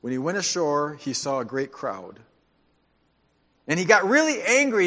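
A man preaching a sermon as pastor, speaking conversationally and dropping into quiet, emphatic asides. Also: on the high side, huge pitch swings, normal speed, pauses often.

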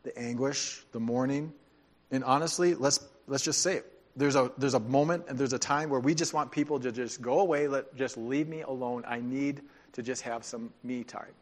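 A man preaching a sermon as pastor, speaking conversationally and dropping into quiet, emphatic asides. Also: medium pitch, steady tone, moderate pace.

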